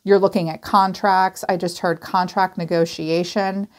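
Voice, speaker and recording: Animated chatty woman reading tarot. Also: fairly low pitch, unhurried. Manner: chatty, animated, acts out quoted voices, swears casually. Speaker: tarot reader.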